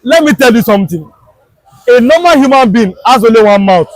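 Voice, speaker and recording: Nigerian man, Yoruba accent, very high voice, emphatic preachy street commentator, dry close sound. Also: animated, brisk, no room sound, low-quality recording. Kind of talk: impassioned political commentary. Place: outdoors on a Lagos street.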